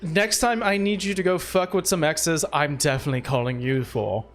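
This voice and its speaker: A grand, amused lady patron drawls her thanks in an affected manner, voiced by a man running a tabletop game. She speaks slowly and a little lower than his narrating voice. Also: faint music behind, lightly acted. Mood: pleased. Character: grand, amused woman patron who calls people darling.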